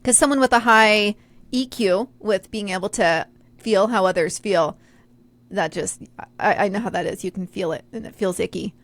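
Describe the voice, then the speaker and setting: A woman's voice: mid-range voice, normal speed. A woman co-hosting a podcast, chatting in a reflective, casual way. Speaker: podcast co-host. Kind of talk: casual conversation.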